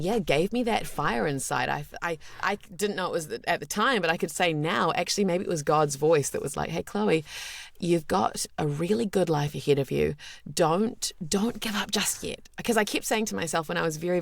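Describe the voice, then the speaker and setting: A woman's voice: low-pitched, vocal fry, dry recording, studio quality. A woman in her thirties with a New Zealand accent, talking earnestly and candidly as a voice actor guest, with many restarts. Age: 30s. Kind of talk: casual interview chat.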